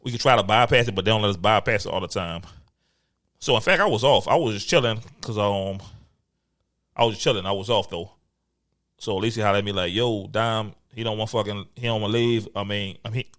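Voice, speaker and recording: A man's voice: fairly low pitch, brisk, pauses often. A man, co-hosting a podcast, telling a story in casual, profane chat and acting out the quotes. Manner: animated, profane, acts out quotes. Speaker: podcast co-host.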